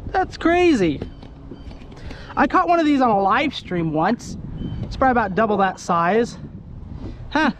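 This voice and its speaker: A man from Idaho giving excited, chatty commentary to the camera while fishing from a kayak on a lake. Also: very high-pitched, measured pace, long pauses, a little hiss or hum. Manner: excitable, exclaiming, chatty with viewers. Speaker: fishing vlogger. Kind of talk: casual outdoor commentary to camera. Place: kayak on an open lake outdoors. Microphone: handheld camera.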